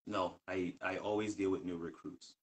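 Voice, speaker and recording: A man with a notably low voice tells a story from work in a relaxed live chat. He rambles, restarts his sentences and fills the gaps with "you know" and "like.". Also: moderate pace. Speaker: co-host telling a work story.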